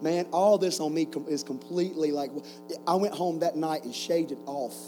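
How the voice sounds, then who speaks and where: A man's voice: fairly high pitch, normal speed, music in the background, low-quality recording. A man in his forties preaching to a camp group, telling stories with jokes and rhetorical questions. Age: 40s. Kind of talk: sermon with stories.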